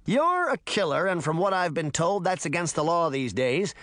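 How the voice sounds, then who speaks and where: A swaggering boy trickster, mocking everyone, as a man puts him on. His voice runs a little high and bounces with lively pitch. The sound is close and dry. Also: normal speed, no echo. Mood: threatening. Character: cocky boy trickster, taunting and brash.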